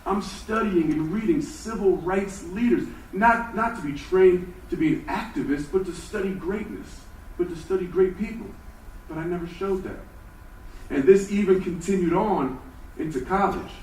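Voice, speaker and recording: A man giving a personal motivational talk, telling his story and moving between hushed and emphatic moments. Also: sits high, normal speed, slight background noise. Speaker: speaker. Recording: roomy hall from far off with faint ambience.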